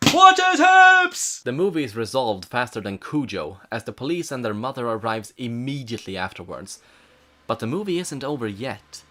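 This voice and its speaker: A man reviewing a movie, narrating a scripted plot recap with dry, sarcastic asides. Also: lowish voice. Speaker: film reviewer.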